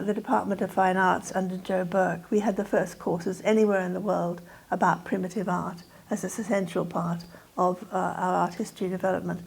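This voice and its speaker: Older aussie woman lecturing, measured and academic, mid-pitched voice. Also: vocal fry, a little mellow, slightly rough, poor audio. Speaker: guest speaker. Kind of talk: lecture talk.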